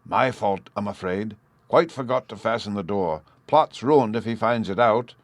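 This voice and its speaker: A man's voice: lowish voice, normal speed, no room sound, lightly acted. A man reading an audiobook, voicing a testy, scornful husband who snaps and sneers. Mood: bossy. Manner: snappish and scornful.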